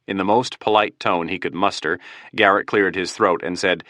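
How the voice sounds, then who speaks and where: A man narrating an audiobook thriller in a steady, measured way on a close mic. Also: deep voice, no echo.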